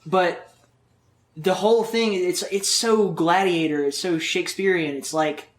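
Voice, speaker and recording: A man's voice: high-pitched, a little slow. Profane, rambling man in an echoey room. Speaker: podcast guest. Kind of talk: casual interview chat.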